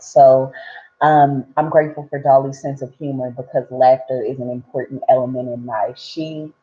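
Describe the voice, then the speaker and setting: A woman hosting a live gratitude session, chatting casually and rambling with lots of fillers. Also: extremely low pitch. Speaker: host of a live gratitude practice. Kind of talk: casual live-stream chat. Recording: dull lo-fi sound.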